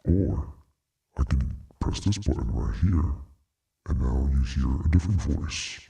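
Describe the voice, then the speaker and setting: A man's voice: lively intonation, unhurried, gravelly, dark tone, exaggerated voice. A man speaking through a monster voice effect with reverb, casually demonstrating a voice changer. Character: deep growling monster voice. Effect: pitch-down monster voice effect with reverb.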